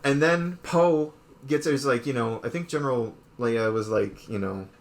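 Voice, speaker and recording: Rambling man retelling a movie. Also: medium pitch. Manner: rambling retelling full of "like" and quick put-on quotes. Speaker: podcast co-host. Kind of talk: casual chat.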